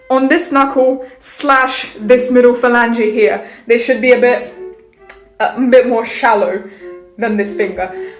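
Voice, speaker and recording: A woman giving a casual violin lesson in a playful, jokey way, with theatrical asides. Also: high voice. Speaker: violin teacher. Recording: roomy echo.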